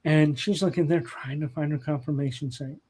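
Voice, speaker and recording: A man's voice: a little high, steady tone, moderate pace, a little mellow, husky. A man on a podcast as a guest, telling family stories in a casual, rambling way with plenty of fillers and restarts. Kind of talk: casual anecdotal storytelling.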